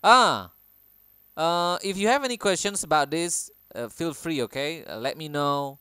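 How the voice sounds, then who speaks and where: Clear-voiced man teaching pronunciation. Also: fairly high pitch, pushed and bright, no room sound, clean studio sound. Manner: repeats each word slowly and clearly, then explains. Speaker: language teacher. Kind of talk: pronunciation lesson.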